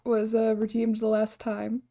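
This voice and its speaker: A woman streamer rambles casually while playing a game, laughing often. Her voice is fairly high but monotone and dark in tone, and she speaks a little slowly.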